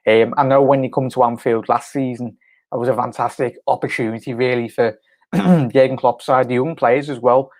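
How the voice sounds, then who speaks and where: A man's voice: medium pitch, fairly even intonation, moderate pace. A man from Liverpool rambles through a casual live reaction stream. His talk is loose and filler-heavy, and he keeps breaking off to answer viewers' comments by name. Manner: rambling, chatty, many fillers and restarts, reads viewer comments aloud. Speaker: fan channel host.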